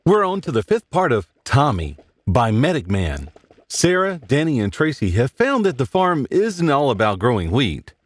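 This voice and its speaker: A man hosting and narrating a horror story in a dramatic, animated reading. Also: mid-range voice, moderate pace. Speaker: host and narrator.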